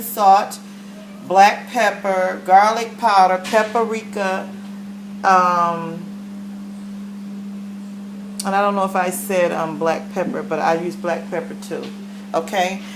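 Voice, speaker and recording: Chatty woman cooking in an echoey kitchen. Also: medium pitch. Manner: chatty, folksy, ends lines with "okay?". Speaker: home cook showing a recipe. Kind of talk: casual cooking demonstration. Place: home kitchen. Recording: echoey kitchen with faint noise.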